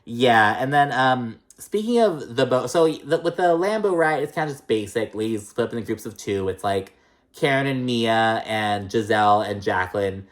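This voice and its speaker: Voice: mid-range voice, moderate pace. A reality TV recap host giving a casual, gossipy episode rundown, swearing freely and packing the talk with fillers like "like" and "um". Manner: profane, filler-heavy, chatty; animated, mimics the cast in raised voices.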